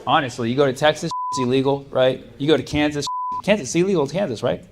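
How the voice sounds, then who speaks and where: A man's voice: mid-range voice, fast talker. A man performing a stand-up comedy set, telling stories animatedly and laughing often. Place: comedy club stage.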